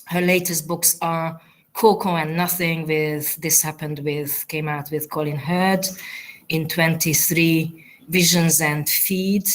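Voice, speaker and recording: Woman with a low voice introducing poets at a reading, lots of uhs and restarts, lecture hall. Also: fairly even intonation, takes it slowly. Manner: hesitant, many fillers and restarts. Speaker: host of a poetry reading. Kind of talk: live event introduction. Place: university lecture theatre.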